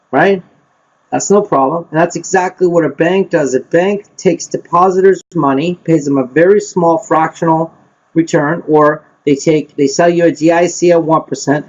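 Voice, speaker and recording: A real estate investing instructor teaches money math in a live session, his voice fairly high-pitched. He quizzes the group, repeats himself, and keeps asking "right?" and "okay?", all captured with dull lo-fi sound.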